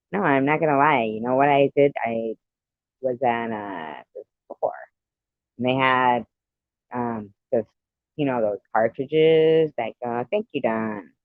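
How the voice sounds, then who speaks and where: A man's voice: medium pitch, slow, long pauses, no room sound, phone-quality sound. A man chatting with viewers on a live stream, giggly and meandering, often trailing off. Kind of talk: casual rambling chat.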